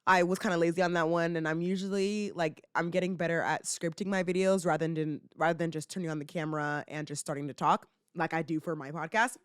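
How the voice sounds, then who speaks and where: A woman's voice: lowish voice, steady tone, quick pace, few pauses, clear, resonant tone, dry recording, clean studio sound. A young woman in her twenties hosting a podcast, chatting casually and rambling with fillers and laughs. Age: 20s. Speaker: podcast host. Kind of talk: casual chat.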